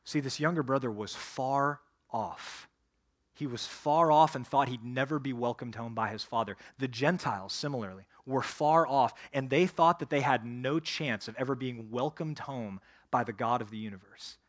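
A man's voice: medium pitch, moderate pace, a bit bright. A male pastor preaching a sermon, earnestly addressing the congregation directly.

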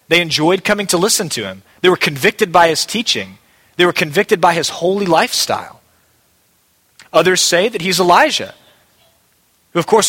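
A man's voice: high-pitched, sharp tone. Emphatic male pastor in a reverberant hall. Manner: emphatic, repeats key phrases. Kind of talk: sermon.

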